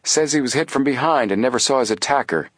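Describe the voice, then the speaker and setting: A man's voice: mid-range voice, fast, fairly bright tone, slightly rough, no room sound, voice pushed up. A man voicing a tall, drawling male police lieutenant in an audiobook.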